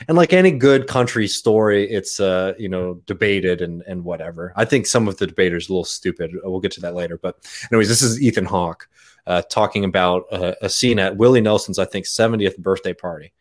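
Low-voiced guy rambling through a story on a podcast, lots of ums. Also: fairly quick. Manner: rambling storytelling with frequent fillers and laughs. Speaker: podcast guest. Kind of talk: casual chat.

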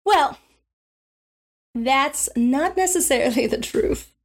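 A theatrical space pirate captain, smug and condescending, who calls people darling. The voice sits high. A woman gives her voice as the game master. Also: expressive, slow, full character voice.

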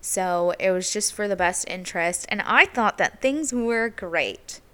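Young woman host, candid and chatty, mid-pitched, casual confessional storytelling. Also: expressive, a little slow, fairly bright tone, smooth. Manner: candid, chatty, heavy use of "like". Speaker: podcast host.

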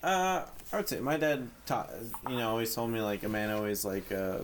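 A man speaking haltingly as a guest in a casual podcast chat. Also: medium pitch, a little hiss or hum. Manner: halting, full of fillers.

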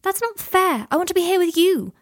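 A woman voicing an earnest, pleading young boy in an audiobook, her voice raised high and eager. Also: lively intonation, a little fast, dry recording, clean studio sound. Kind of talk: audiobook character voice.

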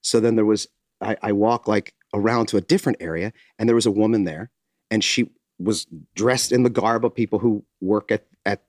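An American man telling a story in casual chat, animated, acting out quotes and swearing. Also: on the low side, a little fast, no echo, clean studio sound. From United States. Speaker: podcast host telling a story.

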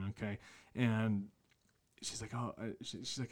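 A man's voice: on the low side, level tone, moderate pace. Crude, laughing young man telling a story. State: tired. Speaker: podcast co-host. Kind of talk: casual chat, storytelling.

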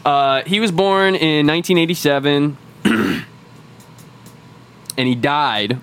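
A man's voice: a little high, slow, fairly bright tone, a little hiss or hum. A man co-hosting a podcast, casually explaining a game's story at length with lots of swearing and restarts. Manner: rambling, profane lore explainer. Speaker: podcast co-host. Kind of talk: casual chat.

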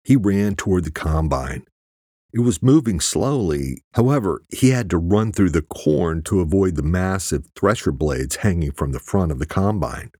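A man narrating a thriller audiobook in a steady, husky voice. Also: low-pitched, moderate pace, dry recording, studio quality. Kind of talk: scripted narration.

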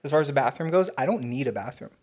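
A man's voice: medium pitch, expressive, very fast, a little mellow. Blunt, swearing young man. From Texas. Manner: blunt, swears freely, laughs often. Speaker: podcast co-host. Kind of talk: casual chat.

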